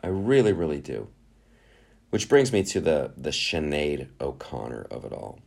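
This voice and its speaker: A man giving a casual spoken monologue, animated and profane, who riffs in quick put-on voices. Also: extremely low pitch, gravelly.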